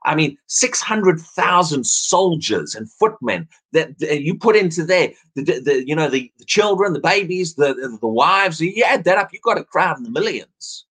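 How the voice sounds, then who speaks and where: A man's voice: a little high, sing-song, moderate pace, hardly any pauses, a bit bright, slightly rough. A man preaching an evening sermon, earnest, often repeating words as he restarts his phrases.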